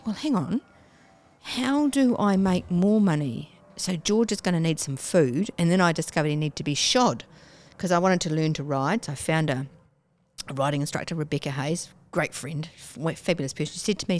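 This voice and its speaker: A woman, a guest telling her story in a casual interview, animated and acting out her own past self with sudden squeals and whispers. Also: lowish voice.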